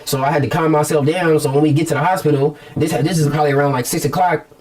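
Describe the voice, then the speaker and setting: A man's voice: fairly high pitch, steady tone, fast, a little mellow. A man giving an emotional personal account in a news interview, retelling events by quoting himself and repeating words as he goes.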